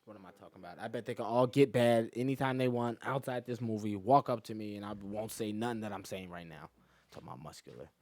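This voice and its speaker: A man's voice: fairly low pitch, fast, dry recording. A man hosting a casual comedy podcast, telling profane stories and acting out quotes. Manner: animated, profane storytelling with lots of acted quotes. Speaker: podcast host.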